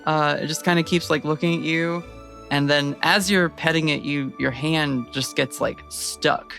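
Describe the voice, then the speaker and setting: A man running a tabletop game who describes each scene at length, with plenty of fillers along the way. His voice has a gravelly, creaky texture at a middling pitch. Faint music plays underneath. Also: fairly even intonation, a little slow, pushed and bright. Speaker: game master.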